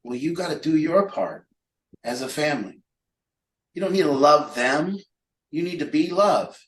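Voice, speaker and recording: A man's voice: a little high, lively intonation, moderate pace, a bit bright. A man leading a recovery group talk, speaking emphatically and rhetorically. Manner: emphatic, rhetorical, acts out imagined voices. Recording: echoey room.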